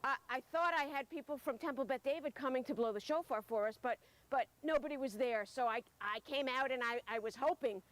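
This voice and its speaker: A woman leading a holiday service in a casual, excitable and exclamatory way. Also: high voice, brisk, few pauses. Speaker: service leader.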